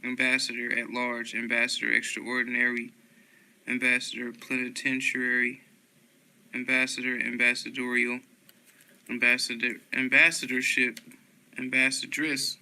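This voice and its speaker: A man reading a long list of dictionary words aloud one by one, steady and unhurried, with small slips and corrections. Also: medium pitch, rough recording.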